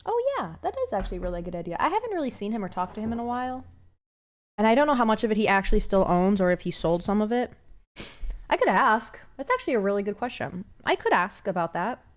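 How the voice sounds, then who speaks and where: A woman's voice: medium pitch, sing-song, fast. A young adult woman livestreaming, rambling casually to her chat with many fillers and curse words.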